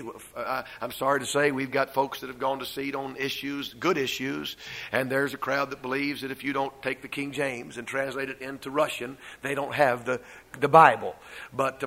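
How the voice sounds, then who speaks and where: An older man preaching a sermon as pastor, stressing slow repeated refrains between fast stretches. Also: mid-range voice, sharp tone, rough recording.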